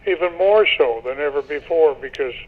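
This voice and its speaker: A man's voice: a little high, expressive, moderate pace, phone-quality sound. An older man, a radio interview guest, talking in a rambling casual way and often repeating himself.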